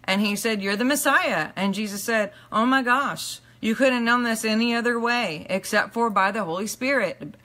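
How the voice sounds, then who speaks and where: At a normal speed, a woman delivers live-streamed motivational teaching as a teacher and minister. Her tone is earnest and emphatic, she repeatedly asks the audience "okay?", and her phrases tend to drop low and soft as they close.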